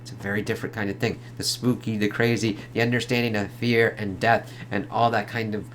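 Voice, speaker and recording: A man's voice: on the low side, level tone, a little fast, a bit bright, slight background noise. A man giving a casual, rambling film review, swearing freely and leaning on filler words.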